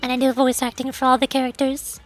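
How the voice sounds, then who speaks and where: A tired woman streamer and voice actor chatting quietly and softly with frequent giggles. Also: high voice, monotone, quick pace, soft background music. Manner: quiet and soft-spoken, giggly. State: tired after hours of streaming. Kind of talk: casual gaming stream chat.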